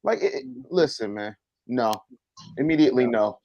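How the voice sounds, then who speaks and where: A man in a casual sports debate, playful and quick to laugh. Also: medium pitch, lively intonation, dull audio, over a noisy crowd. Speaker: sports panelist.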